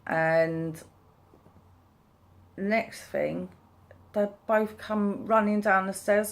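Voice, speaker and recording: A woman's voice: medium pitch, fairly even intonation, slow, pauses often. A woman in her thirties tells a personal story in a casual, rambling way, full of fillers and restarts. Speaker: vlogger.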